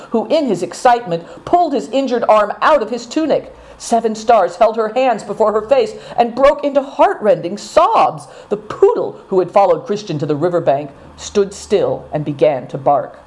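A woman narrating a storybook in a dramatic, expressive reading. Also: medium pitch. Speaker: audiobook narrator.

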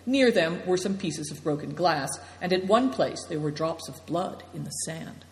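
A woman reads a story aloud in a steady, descriptive narration. Her voice sits a little low, and a long reverb hangs after each phrase as in a big hall. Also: moderate pace. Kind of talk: audiobook narration.

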